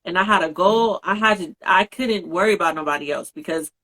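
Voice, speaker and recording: A woman co-hosting a podcast in a relaxed, supportive way, often backing others up with a quick yeah. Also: fairly low pitch. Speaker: podcast co-host. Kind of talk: casual podcast chat.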